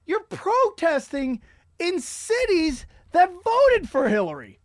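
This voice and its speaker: A middle-aged man hosting a comedy podcast, ranting in a profane, rambling way with loud outbursts. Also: very high voice, wildly swooping pitch, takes it slowly, no room sound, clean studio sound. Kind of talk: casual comedic rant.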